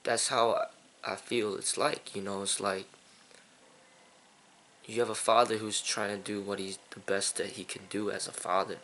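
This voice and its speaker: A man's voice: fairly low pitch, little pitch movement, normal speed, fairly bright tone, a little hiss or hum. A man hosting his own channel, talking in a casual, indignant opinion monologue with lots of fillers and repeated phrases. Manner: repetitive, indignant, many fillers. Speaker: kung fu channel host.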